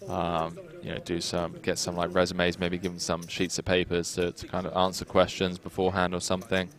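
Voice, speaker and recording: A man's voice: low voice, monotone, fairly quick. A British man co-hosting a poker stream, reading out viewer comments in a laid-back, jokey way. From United Kingdom.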